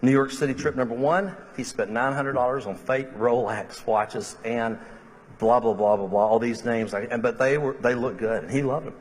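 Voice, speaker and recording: A middle-aged man, a minister giving a funeral eulogy and telling humorous stories, slipping into lively quoted voices. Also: mid-range voice, normal speed. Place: church sanctuary. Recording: long reverb of a large church hall.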